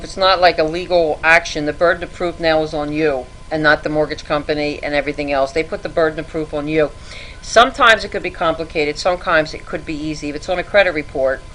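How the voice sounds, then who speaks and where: A woman's voice: sits low, fairly bright tone, slight background noise, rough recording. Earnest woman giving credit advice. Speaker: credit repair guest. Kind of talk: podcast interview.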